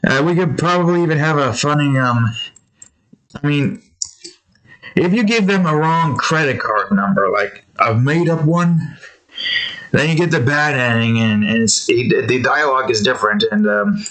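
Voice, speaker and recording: A man's voice: a little high, lively intonation, normal speed, a bit bright. A man chatting casually while drawing, rambling through joking tangents and laughing often. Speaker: artist and channel host.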